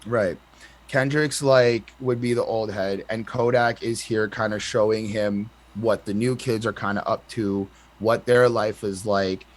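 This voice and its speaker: A man co-hosting a podcast, giving his take on an album in a hesitant, filler-heavy way. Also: fairly low pitch. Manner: hesitant, full of fillers and restarts. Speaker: podcast co-host. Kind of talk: casual album review chat.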